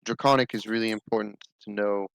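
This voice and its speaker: Smooth low-voiced man role-playing. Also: fairly even intonation, a bit bright, no echo, poor audio. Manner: measured, scholarly explaining. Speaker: tabletop game player. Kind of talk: in-character tabletop role-play.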